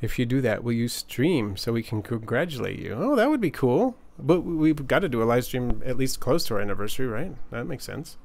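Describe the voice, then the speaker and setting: A man's voice: mid-range voice, big pitch swings, brisk, gravelly, hardly any pauses, a little mellow. Man, forties, casual livestream host, rambling, reads viewer chat aloud. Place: home, desert region.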